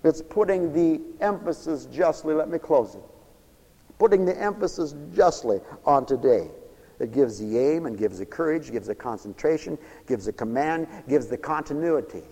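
A man with a somewhat high voice delivers a sermon, dropping to near-whispers and then rising into loud, emphatic declarations. His words ring out with a long reverb, as in a large church hall. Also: expressive, normal speed. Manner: swings from low murmurs to loud emphatic bursts. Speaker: preacher. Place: church, also broadcast on radio.

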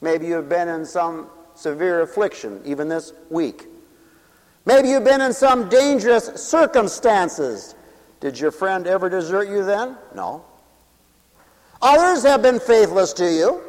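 Male preacher, sermon in a big reverberant hall, hammering questions, loud then hushed. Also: high-pitched, very animated, unhurried. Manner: emphatic, rhetorical questions, sweeping swings in volume.

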